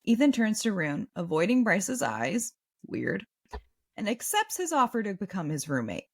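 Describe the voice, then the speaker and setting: Animated woman reading a book recap. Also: mid-range voice, moderate pace. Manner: animated, swings between reading and excited reactions. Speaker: podcast host.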